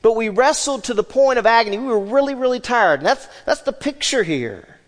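A man preaching a sermon as pastor, animated, swinging between loud emphasis and hushed asides. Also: very high voice, brisk, long reverb tail.

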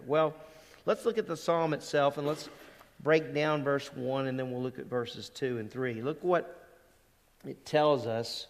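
Man preaching in an echoing church hall. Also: a little high. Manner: emphatic, conversational, with sudden loud stresses on key words. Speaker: pastor. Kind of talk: sermon. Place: church sanctuary. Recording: long reverb of a church hall.

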